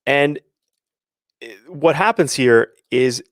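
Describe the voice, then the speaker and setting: A man's voice: mid-range voice, slow, no echo, clean studio sound. A man hosting a live sports show, talking casually and rambling, often restarting and acting out quotes. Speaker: host of a sports parenting show. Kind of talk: casual live-stream talk.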